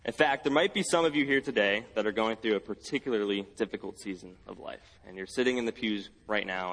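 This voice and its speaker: Husky-voiced pastor preaching in a hall. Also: male voice, lowish voice, fast, hardly any pauses, a bit bright. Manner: earnest, repeats key phrases for emphasis. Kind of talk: sermon. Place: church sanctuary.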